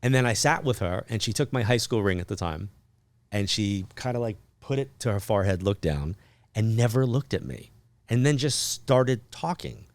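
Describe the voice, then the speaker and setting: A man with a fairly low voice tells a personal story as a podcast guest, chatty and loose, sprinkling in fillers. He acts out bits of remembered dialogue with lively energy. The sound is dry and close, with no room echo. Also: moderate pace. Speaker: podcast guest, psychic medium. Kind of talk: casual storytelling interview.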